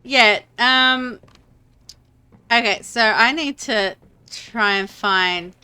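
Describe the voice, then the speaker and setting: A woman's voice: fairly high pitch, drawn-out words, pushed and bright, clear, resonant tone. A woman streaming a game, chatting casually and rambling with many fillers and restarts. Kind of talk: casual gameplay chat.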